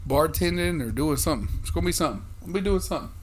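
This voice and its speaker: A man's voice: on the high side, expressive, racing, a little hiss or hum. Profane rambling man. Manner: rambling, profane, restarts a lot. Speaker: podcast co-host. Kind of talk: casual podcast chat.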